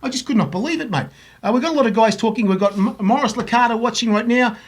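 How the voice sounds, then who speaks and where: Excitable high-pitched man. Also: fast. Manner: excitable, laughs often, says "mate" constantly. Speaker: host. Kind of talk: casual chat on a live stream.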